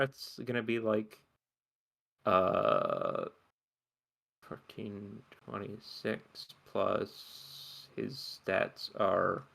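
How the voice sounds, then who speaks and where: A man's voice: fairly low pitch, big pitch swings, very slow, vocal fry, pushed and bright. A man player chatting casually during a tabletop game, rambling and trailing off mid-thought.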